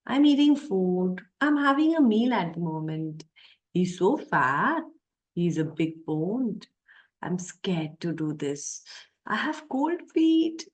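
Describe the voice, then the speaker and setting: A woman teaching an English lesson, pausing often with "uh" as she reads out example phrases. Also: on the low side, lively intonation. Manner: slow, with many "uh" pauses, reading out example phrases.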